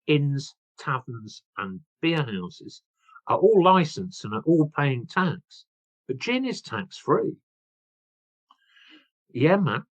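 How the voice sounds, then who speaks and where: A man's voice: mid-range voice, no echo, poor audio. A man, an author telling history stories with enthusiasm, often restarting and going off on side paths. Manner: enthusiastic, digressive, frequent restarts. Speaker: author and guest. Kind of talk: storytelling history talk.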